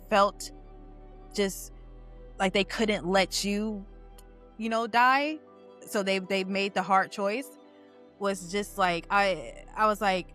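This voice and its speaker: A woman's voice: medium pitch, a bit bright. A young adult woman talking candidly and casually as a panelist on a game aftershow, with plenty of "like" fillers. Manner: candid and chatty, heavy use of "like". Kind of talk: casual chat.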